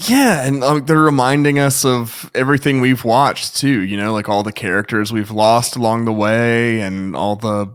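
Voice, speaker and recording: A man co-hosting a podcast, chatting casually in a lively, jokey way. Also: medium pitch, moderate pace, hardly any pauses, clear, resonant tone. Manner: lively, jokey, prone to laughing and quoting. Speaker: podcast co-host. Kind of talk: casual recap chat.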